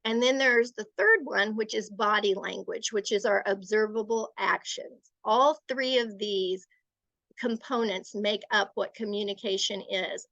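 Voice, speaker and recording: A middle-aged woman giving a gentle, explanatory talk to parents, sometimes acting out the phrases she uses as examples. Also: mid-range voice, gravelly, dry recording, dull audio. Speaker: parenting educator.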